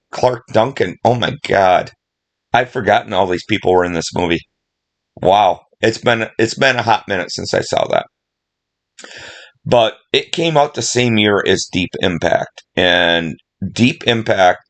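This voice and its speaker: A middle-aged man talks casually about favorite films in a very deep voice. He speaks slowly, rambling and emotional, with frequent fillers and restarts. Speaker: movie vlogger. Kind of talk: casual movie talk.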